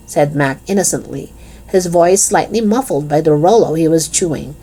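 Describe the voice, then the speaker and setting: A woman reading a children's chapter book aloud in an expressive, lively storytelling manner. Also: low-pitched, moderate pace, slightly rough.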